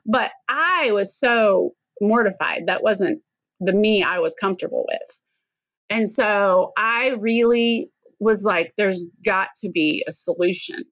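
Earnest woman guest, slightly low, muffled. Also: a bit bright, no echo. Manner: earnest, candid, at times choked up. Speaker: podcast guest. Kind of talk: personal story in an interview.

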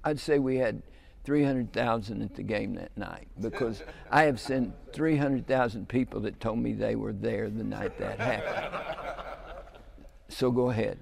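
A man's voice: on the low side, unhurried, gravelly. A man hosting a podcast roundtable, chiming in with jokes and prompting his guests. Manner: jokey, chimes in with quips. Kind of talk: casual chat.

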